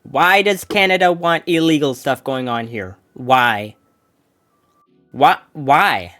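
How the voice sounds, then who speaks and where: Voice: mid-range voice, slow, a bit bright. A political commentator ranting with exasperated sarcasm, repeating points and adding mock asides.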